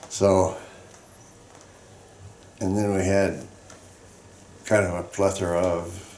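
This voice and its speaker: Gravelly-voiced old man reminiscing slowly. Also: low-pitched, a little mellow, a little hiss or hum. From Colorado, United States. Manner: halting, rambling reminiscing with fillers. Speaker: veteran interviewee. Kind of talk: oral history storytelling. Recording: roomy echoey room.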